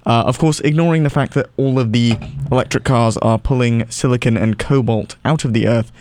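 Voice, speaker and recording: A man's voice: medium pitch, brisk, a little mellow, slight background noise. A man hosting a college radio show, chatting casually with a wry, sarcastic manner and frequent "uh" fillers.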